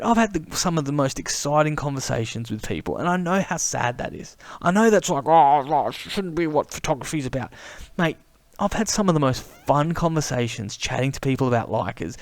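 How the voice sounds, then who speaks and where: A man's voice: fairly high pitch, no room sound. Chatty man, dry close sound. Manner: chatty, animated, says mate a lot. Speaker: camera vlogger. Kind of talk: casual enthusiastic monologue.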